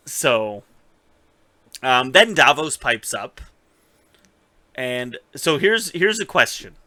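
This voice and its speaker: A man co-hosting a casual recap podcast, retelling scenes with animated storytelling, swearing and acting out the characters' lines. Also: medium pitch, slow, long pauses, no room sound. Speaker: podcast co-host.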